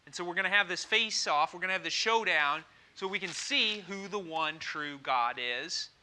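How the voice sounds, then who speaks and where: Man, pastor, sermon, high voice, very bright tone, animated storytelling. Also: moderate pace. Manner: lively storytelling with frequent "okay?" asides.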